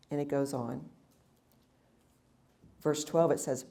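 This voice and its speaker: A woman's voice: low voice, measured pace, vocal fry, long pauses, warm tone, husky. A woman teaching a Bible study session at a women's retreat, reading verses aloud and then explaining them with frequent fillers and restarts.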